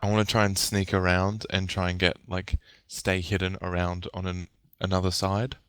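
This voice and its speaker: A man playing a tabletop game, stating his moves in a halting way and repeating words. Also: deep voice, level tone, fairly bright tone, clean tone. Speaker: player. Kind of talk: casual tabletop play.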